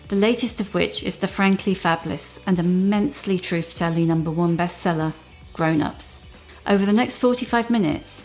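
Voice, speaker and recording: Lower-voiced woman podcast host in her fifties. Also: a little mellow. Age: 50s. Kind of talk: podcast intro and interview. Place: hotel room. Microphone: mic perched on an ironing board.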